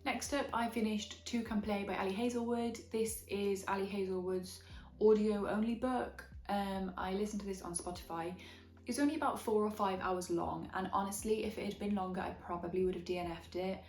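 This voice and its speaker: Chatting frankly and with enthusiasm, a young Welsh woman gives a casual book review on her vlog, her accent tinged with a slight Midlands twang. Her voice is mid-range and steady, fairly quick. Soft music plays in an echoey room.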